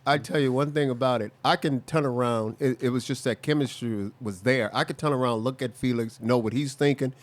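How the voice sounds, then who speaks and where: Direction: heated ex-player host, dry sound. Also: male voice, medium pitch, fairly quick, few pauses, dry recording. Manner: heated, storytelling, stumbles on words. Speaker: show host, former defensive player. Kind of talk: casual sports talk show.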